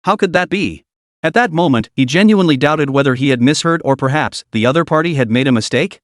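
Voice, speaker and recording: Brief: male narrator, fairly high and animated, dry close recording, dramatic delivery. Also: a little fast, dry recording. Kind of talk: scripted narration of a comic recap.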